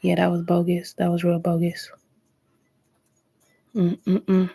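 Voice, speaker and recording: A woman hosting a late-night live stream as a tarot reader, keeping her voice low and soft. Her pitch sits on the low side and barely moves, with a mellow, slightly husky tone. She chats in a relaxed, easygoing way, calling viewers by name. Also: slow, dry recording. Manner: laid-back, greets viewers by name.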